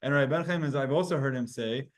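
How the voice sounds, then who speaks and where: A man teaching a Talmud class to students, animated and explaining with spoken demonstrations of sounds. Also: mid-range voice, fast talker. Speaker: Torah teacher.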